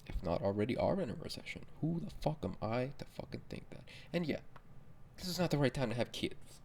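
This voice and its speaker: A man's voice: mid-range voice, very animated, brisk, gravelly, a little mellow, a little hiss or hum. A young man hosting his own podcast, rambling in a profane, self-mocking solo monologue. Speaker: podcast host.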